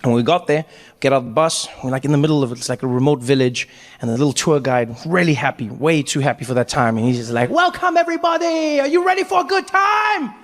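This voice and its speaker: A man with a South African accent, telling an animated stand-up story and acting out characters in an echoey hall. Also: medium pitch, quick pace. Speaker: stand-up comedian. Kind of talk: stand-up comedy. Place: large hall with audience. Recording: echoey hall, faint crowd ambience.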